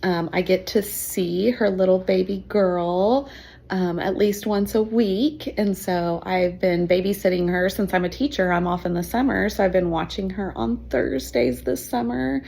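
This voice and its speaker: A woman's voice: mid-range voice, a little slow, gravelly, a little mellow, husky. A woman in her fifties, a teacher, telling her own adoption story in an emotional, chatty way with fillers and laughs. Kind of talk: personal storytelling.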